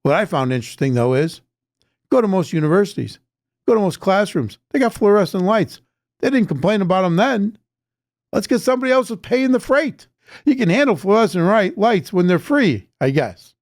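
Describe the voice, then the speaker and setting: A man's voice: sits high, big pitch swings, normal speed, no room sound, clean studio sound. A man gives a blunt, emphatic opinion monologue to camera. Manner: blunt, emphatic, mocking quoted voices. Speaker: social media commentator.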